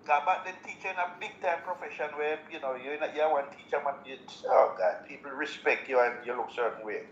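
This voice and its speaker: A Jamaican man hosting a live show, talking in relaxed patois and laughing often. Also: fairly high pitch, brisk, hardly any pauses, lo-fi sound. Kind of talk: casual chat. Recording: roomy echo, faint background noise.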